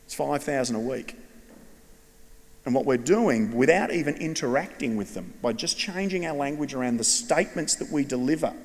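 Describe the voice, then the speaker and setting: A middle-aged Australian man giving a conference keynote to a large audience, telling stories in a lively way. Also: medium pitch, gravelly. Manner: animated storyteller addressing a large audience. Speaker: education speaker. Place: large hall with long reverb. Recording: long echo of a big hall.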